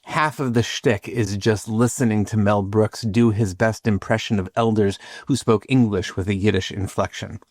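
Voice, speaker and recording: A man hosting a podcast, reading scripted reflections in a measured, lightly humorous way. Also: on the low side, fairly even intonation, a little mellow, no echo, clean studio sound. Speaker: podcast host, rabbi.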